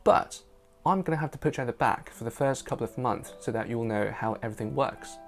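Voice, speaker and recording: A man whose first language is Chinese tells a personal story in relaxed, chatty English for learners. His voice is gravelly, at a middle pitch. Soft guitar plays quietly behind him. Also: fairly quick. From China. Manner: casual, chatty. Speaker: interpreter.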